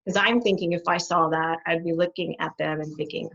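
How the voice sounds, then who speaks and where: Animated woman telling stories, dull sound. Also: on the low side, fairly quick, creaky. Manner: animated storytelling, laughs often. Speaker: guest, behaviour specialist. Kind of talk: conversational interview.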